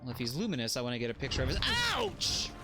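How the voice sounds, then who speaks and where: A man streaming a game while chatting casually, often yelping and shouting at what happens on screen. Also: mid-range voice, rapid-fire. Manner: animated, yelps and shouts at the game. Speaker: streamer and schoolteacher. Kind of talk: casual live gameplay commentary. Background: game music.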